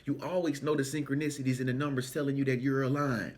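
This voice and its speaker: A man speaking in an animated, preachy, sing-song way in a motivational vlog. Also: mid-range voice, fast. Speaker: spiritual self-help vlogger.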